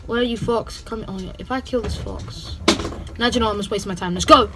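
A playful female gaming channel host talks fast in a mid-range voice, casually commenting over gameplay with goofy sing-song bits. She censors her own swearing and says "bloody" a lot. Heavy background noise sits under her voice.

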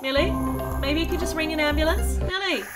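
A woman's voice: high-pitched, a little fast, over loud music. A young woman narrating an app gameplay story, scolding in a playful mock-stern way and laughing often. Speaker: host. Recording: loud crowd-like noise behind.

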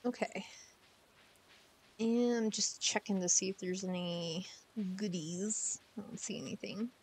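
Slow-talking giggly woman gamer. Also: medium pitch, slight background noise. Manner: chatty, giggly, talks to game characters. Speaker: streamer. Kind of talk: casual gameplay commentary. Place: home room.

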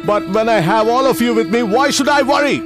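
A devoted teacher, high voice. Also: male voice, fairly quick, over music. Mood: tender. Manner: emotional, pleading, apologetic. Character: devoted male teacher, gentle, caring. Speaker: teacher running a school for poor children. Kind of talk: dubbed film acting.

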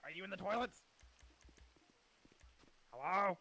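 A man with a high, crackling, heavily gravelly voice plays a character leading a séance. His tone is sharp and bright, with faint game noise behind him. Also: expressive, fast talker. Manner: eerie, solemn séance leader. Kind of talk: role-play character acting.

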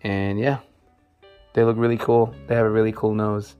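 A man casually chatting on a vlog as he shows his snakes, talking softly and coaxing them. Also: fairly low pitch, little pitch movement, normal speed, smooth, narrow, tinny audio, faint music behind. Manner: laid-back, talks softly to his snakes. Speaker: snake keeper showing his collection. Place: indoor snake room.

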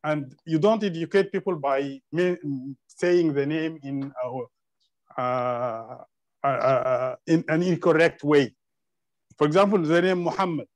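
A man whose first language is Arabic shares his view as a participant in an online group discussion, hesitating often with fillers and restarts. His voice is a little high and his pace measured. The recording is low quality, with no room sound.

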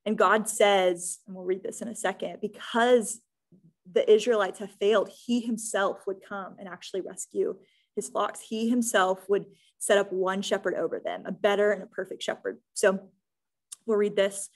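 A young woman teaching a Bible study, casual and earnest, often pausing with "um" and checking in with "right?". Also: mid-range voice, fairly even intonation. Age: young adult.

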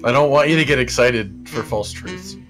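A man joking around as a co-player in a gaming session, teasing and quick with gags. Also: mid-range voice, expressive, loud music behind the voice. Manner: teasing, playful, quick with jokes. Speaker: co-player and friend.

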